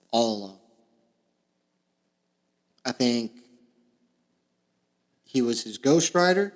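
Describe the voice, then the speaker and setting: A young man from Florida hosting a podcast, delivering a crude, sarcastic comedic monologue that swings between mumbling asides and loud bursts. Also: mid-range voice. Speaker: podcast host. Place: small makeshift home recording space.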